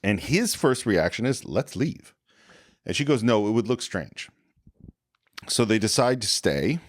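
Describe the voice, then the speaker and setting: A man talks through a film scene on a podcast, retelling it beat by beat and now and then speaking the characters' lines himself. His voice sits on the low side but rises and falls with lively swings. The sound is dry and close, with no room around it. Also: measured pace, no room sound. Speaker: podcast co-host. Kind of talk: casual film discussion.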